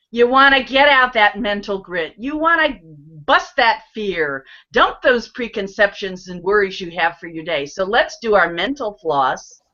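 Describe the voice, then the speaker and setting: A woman's voice: a little high, sharp tone. A woman from Maryland teaching laughter yoga on a video call, playful and punning as she leads chants of ho-ho and ha-ha. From Maryland, USA. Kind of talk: guided laughter exercises. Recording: dull lo-fi video call audio.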